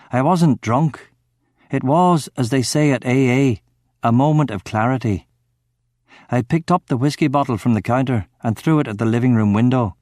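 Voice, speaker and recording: A man's voice: medium pitch, no room sound, clean studio sound. Man narrating a dramatic audiobook. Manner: dramatic, acts out the shouting dialogue.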